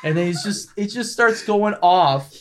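A man co-hosting a casual podcast chat, telling stories in a profane, excitable way. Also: high-pitched, unhurried. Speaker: podcast co-host.

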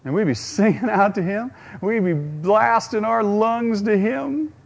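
A man's voice: sits high, measured pace, creaky, dull audio. A man preaching a sermon, using rhetorical questions and acting out quotes. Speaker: pastor.

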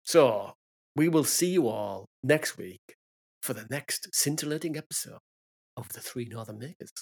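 A man co-hosting a podcast in casual chat, chatty and friendly and quick to laugh. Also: medium pitch, expressive, breathy edge. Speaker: podcast co-host.

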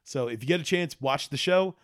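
Animated man in casual podcast chat. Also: a little high, fairly quick. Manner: animated, laughs often, quotes scenes in put-on voices. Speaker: podcast co-host.

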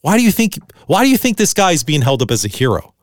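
A man's voice: fairly high pitch, wildly swooping pitch, quick pace, no room sound, studio quality. A middle-aged man hosting a solo podcast, talking bluntly and ranting with lots of swearing. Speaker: podcast host.

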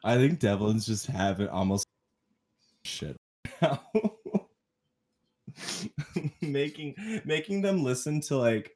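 A man's voice: medium pitch, lively intonation, measured pace, a little mellow. A man co-hosting a casual music podcast, rambling with lots of fillers, laughing and swearing as he talks. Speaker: podcast co-host. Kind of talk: casual chat.

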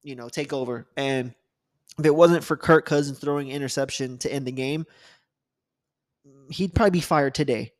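A man's voice: medium pitch, moderate pace, pauses often, no room sound. Man on a dry close mic talking football. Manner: laid-back, laughing, profane. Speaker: podcast co-host. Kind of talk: casual sports chat.

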